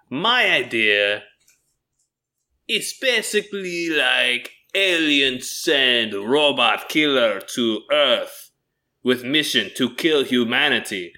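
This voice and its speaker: A bumbling Frenchman with a thick put-on French accent, as a man puts him on for laughs. He pitches his idea in halting, broken English, word by careful word. The voice is bright and clear. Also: full character voice.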